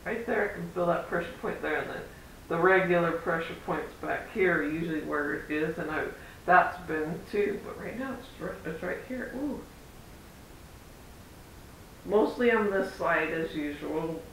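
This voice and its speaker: A man talks to his camera in a loose, rambling vlog style, replaying conversations as he goes. His voice sits high for a man, and he is recorded from a distance in a very echoey room with a faint rumble behind him. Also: measured pace, gravelly, fairly bright tone. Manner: chatty, rambling, acts out quoted exchanges. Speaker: parent vlogger. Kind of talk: casual vlog storytelling. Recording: roomy echo, far from mic, faint rumble.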